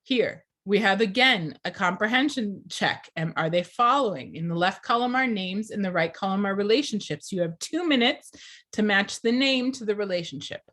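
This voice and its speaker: Teacher trainer, female, mid-range voice: clear, deliberate lecturing that keeps quizzing the class. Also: mid-range voice, lively intonation, fairly bright tone.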